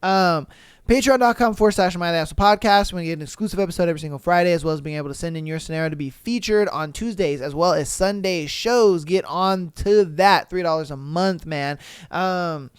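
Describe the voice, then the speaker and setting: Male podcast host, relaxed and slangy, smooth clear voice, dry mic. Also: high voice, fairly quick, no echo. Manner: laid-back, slangy, laughs often. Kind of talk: casual podcast chat reading listener stories.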